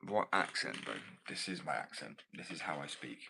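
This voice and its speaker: A man with an English accent and a low, very bright, cutting voice. He talks in a blunt, rambling, self-assured way, answering viewers' comments in a loose livestream chat, with a faint hiss behind him. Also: expressive, normal speed, gravelly. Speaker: skater and small business owner.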